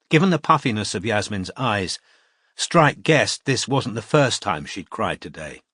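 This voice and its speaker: A man reading a novel aloud as an audiobook narrator, in measured scripted narration. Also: mid-range voice, a bit bright, dry recording, studio quality.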